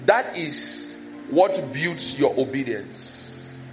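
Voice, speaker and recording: A Nigerian-accented pastor delivers a sermon in a medium-pitched voice at a very slow pace, with faint music in the background. He is animated, acting out village gossip and scolding in a raised voice.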